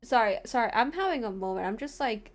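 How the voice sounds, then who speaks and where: A woman's voice: fairly high pitch, lively intonation, fast. Chatty woman streamer thinking aloud. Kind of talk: casual game commentary.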